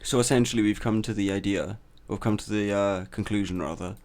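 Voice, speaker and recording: A man co-hosting a casual podcast chat, laid-back and chuckling, often trailing off quietly. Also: fairly low pitch, fairly even intonation, brisk. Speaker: podcast co-host.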